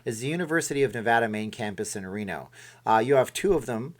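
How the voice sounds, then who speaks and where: A man's voice: medium pitch, lively intonation, fast. A middle-aged man from Canada hosting a casual live stream, reading and answering chat in a rambling way and often correcting himself.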